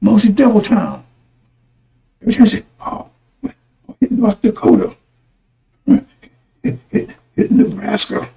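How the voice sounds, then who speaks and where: A man's voice: high voice, a little slow, gravelly, long pauses, a little mellow, poor audio. A man giving a rambling religious talk to his listeners, repeating himself and calling them brothers and sisters. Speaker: religious broadcaster.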